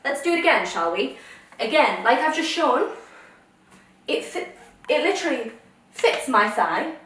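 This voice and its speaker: A woman's voice: high voice, fairly bright tone, far from the mic. A young woman vlogging a try-on haul, ranting in an exasperated way. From United Kingdom. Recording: echoey room, voice a little off mic.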